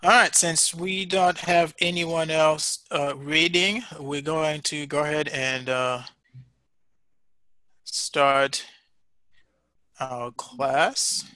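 A man's voice: on the high side, steady tone, very slow, pauses often, sharp tone, no echo. A man teaching a class, giving patient, encouraging feedback with many fillers and restarts. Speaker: instructor.

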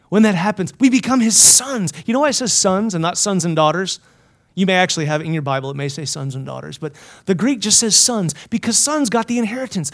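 High-voiced man preaching with emphasis. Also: fairly quick. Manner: emphatic, swinging between loud and hushed; asks the listeners many questions. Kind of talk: sermon. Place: Bible college chapel.

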